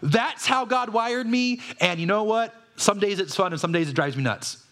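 A man's voice: high-pitched, normal speed, a bit bright. A man, a pastor, preaching a conversational sermon full of rhetorical questions.

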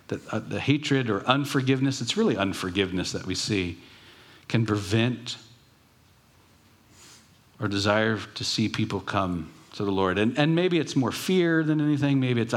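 A man's voice: lowish voice, a little slow. A man preaching a sermon as pastor, earnest, with emphatic rising bursts.

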